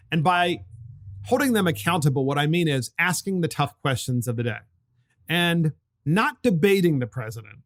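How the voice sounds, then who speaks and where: Animated man hosting a podcast. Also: a little high. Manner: animated, mocking, laughs while talking. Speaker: podcast host. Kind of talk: opinionated political commentary.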